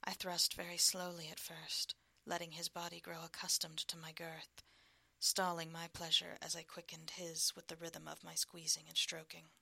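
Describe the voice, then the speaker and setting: A woman reading an erotic story aloud in a hushed, slow, intimate whisper, as whispered role-play. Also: low-pitched, completely flat delivery, gravelly, slightly rough, no echo.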